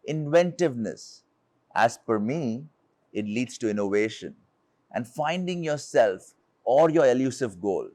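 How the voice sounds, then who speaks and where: A man's voice: mid-range voice, lively intonation, a little slow, a little mellow, dry recording. A man from India, giving an earnest motivational talk as a leadership speaker, telling a personal story and asking rhetorical questions.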